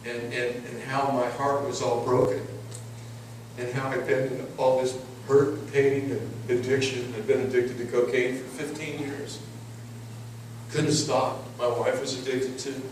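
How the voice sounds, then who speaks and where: A man's voice: mid-range voice, flat delivery, unhurried, slight background noise. A middle-aged man giving an emphatic sermon testimony, telling his story and repeating words as he goes. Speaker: preacher. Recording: echoey hall, mic at a distance.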